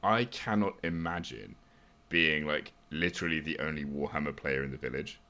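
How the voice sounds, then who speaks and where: A man's voice: very deep voice, normal speed, sharp tone. A man hosting a casual podcast chat, talking with a sore throat and telling stories with easy laughter. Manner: laughs easily, tells stories. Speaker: podcast host.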